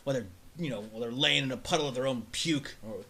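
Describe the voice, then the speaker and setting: A man's voice: mid-range voice, quick pace, sharp tone. A man co-hosting a casual podcast chat, crude and mocking, swearing freely. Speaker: podcast co-host.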